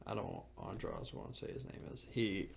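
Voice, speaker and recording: A man in his twenties co-hosting a podcast, rambling excitably in casual chat full of filler words. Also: fairly low pitch, fast talker, vocal fry. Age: 20s. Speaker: podcast co-host.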